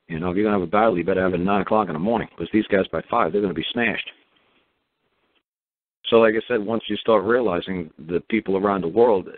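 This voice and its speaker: Over a dry, tinny phone line with no echo, a low-voiced man rants casually and sarcastically. He acts out mock exchanges, restarting often and using plenty of fillers.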